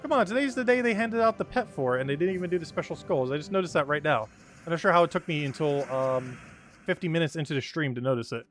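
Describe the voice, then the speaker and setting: A man's voice: a little high, fast talker, faint music behind. A man chatting casually as a live streamer while playing, answering his chat and laughing often. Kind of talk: casual gameplay commentary.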